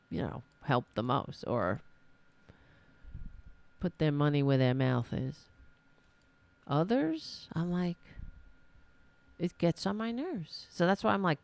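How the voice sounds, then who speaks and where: A woman's voice: low voice, darkish tone, smooth, no room sound. A woman from New York with a New York accent, hosting a solo political podcast and ranting in a frustrated, self-deprecating way. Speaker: podcast host.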